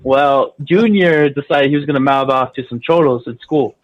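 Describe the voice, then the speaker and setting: A man's voice: mid-range voice, moderate pace, highs cut off. A man on a podcast, casually telling a story in slang, laughing often and acting out what people said. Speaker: podcast guest.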